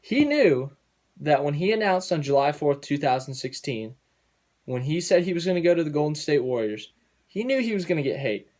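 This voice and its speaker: Guy going off on a sports rant, kinda high voice, repeats himself a lot. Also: sing-song, normal speed, a little mellow. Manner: angry, repetitive, swears mildly, cools down later. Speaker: sports vlogger. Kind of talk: heated ranting monologue to camera.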